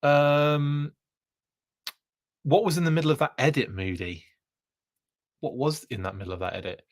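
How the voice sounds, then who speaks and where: A man's voice: fairly high pitch, moderate pace. A man hosting a live podcast, chatting casually and reading viewer comments, rambling with plenty of fillers and playful jokes. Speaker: podcast host.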